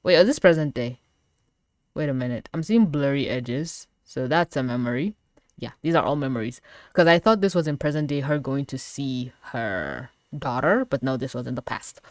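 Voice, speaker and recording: A woman reviewing an animated show in a casual, rambling way, swinging between loud excited outbursts and low muttering, with dramatic mock-outraged asides. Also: normal speed, no room sound, clean studio sound. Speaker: video reviewer. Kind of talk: casual reaction commentary.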